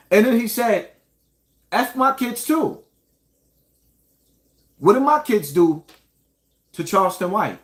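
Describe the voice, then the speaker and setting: A man from New York hosting an online show, ranting indignantly at his viewers. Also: sits high. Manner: indignant, addresses viewers directly. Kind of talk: commentary rant.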